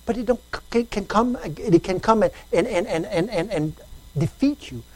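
A woman preaching a sermon, telling a story, repeating phrases and swinging between loud emphasis and quiet talk. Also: mid-range voice, lively intonation, moderate pace, no room sound, low-quality recording.

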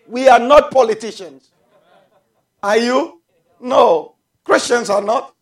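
A man preaching a sermon to his congregation, calling for amens and shouting out drawn-out phrases. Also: extremely high pitch. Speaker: pastor.

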